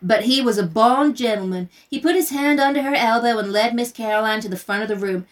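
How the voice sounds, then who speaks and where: A woman's voice: on the high side, fairly quick, hardly any pauses. A woman co-hosting a casual book podcast, chatting and reading aloud in a giggly, sweary way. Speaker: podcast co-host and reader. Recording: voice a bit far from the mic.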